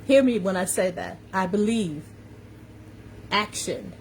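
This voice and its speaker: Speaking at a slow pace in an animated, mid-range voice, a woman coach with a slight New York accent hosts a live stream on a phone or webcam for social media. Her motivational talk is preachy and emphatic: she repeats her key phrases and greets viewers by name, with slight background noise in the recording.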